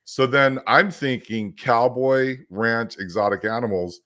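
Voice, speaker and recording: A man's voice: medium pitch, a little slow, fairly bright tone. A man co-hosting a casual chat, telling a story energetically and acting out the quotes. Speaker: podcast co-host.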